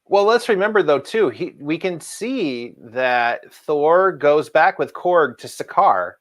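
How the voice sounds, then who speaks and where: A man's voice: on the high side, expressive, takes it slowly, a bit bright. A man co-hosting a casual comic book show, rambling, restarting his sentences and laughing often. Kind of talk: casual chat.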